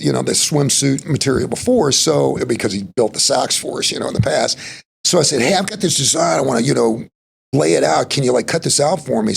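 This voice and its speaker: A man's voice: medium pitch, gravelly, slight background noise. A middle-aged man from Texas with a Texas accent, telling stories in a rambling, folksy way as an interview guest. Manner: rambling, folksy, full of "you know" and "like". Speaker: podcast guest. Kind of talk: casual interview storytelling.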